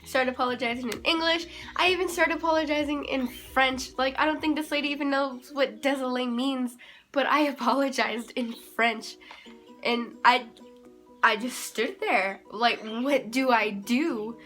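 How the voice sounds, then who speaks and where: Animated young woman telling a story. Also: high voice, moderate pace, faint music behind. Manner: rambling, animated, self-mocking storytelling. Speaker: vlogger. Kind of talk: casual storytime.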